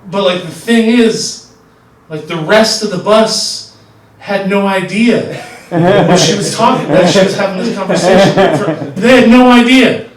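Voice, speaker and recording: A man's voice: sits high, a little slow. A man performing a stand-up comedy set, telling rambling stories full of fillers. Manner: rambling, filler-heavy storytelling. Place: comedy stage. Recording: roomy stage sound from far off.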